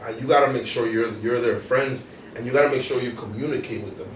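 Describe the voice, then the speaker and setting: A man's voice: medium pitch, fast talker, far from the mic. A young man talks loosely in street slang, stumbling and restarting as he goes. He sits back from the mic in an echoey room, with a little hiss underneath. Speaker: podcast co-host. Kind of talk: casual chat. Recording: roomy, off-mic, faint noise.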